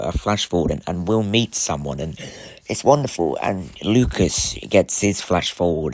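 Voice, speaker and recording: A man with a low voice talks straight to camera about a TV finale, gushing and rambling in quick bursts that often restart mid-thought. The recording is close and dry, with no room sound around him. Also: a little mellow, no room sound. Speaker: TV show reviewer. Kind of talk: casual spoiler review to camera.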